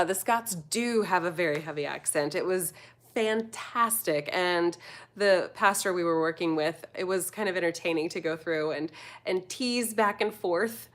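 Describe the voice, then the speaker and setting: A woman's voice: lowish voice, a bit bright. Rambling American woman chatting on a live stream. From United States. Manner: chatty and rambling, reads viewer comments aloud. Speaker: food vlogger answering live chat. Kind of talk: casual live-stream chat.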